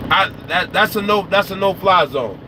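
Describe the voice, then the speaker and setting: A man who vlogs about trucking, talking casually and profanely to his viewers, animated and repeating lines for emphasis. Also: high-pitched, moderate pace. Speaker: trucker vlogger. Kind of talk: casual outdoor talk to viewers. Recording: noisy outdoor recording.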